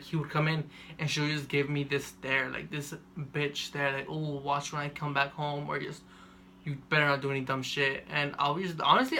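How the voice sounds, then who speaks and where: A young man telling a personal story to camera in a monotone, rambling way with lots of fillers. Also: fairly high pitch, slight background noise. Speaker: vlogger.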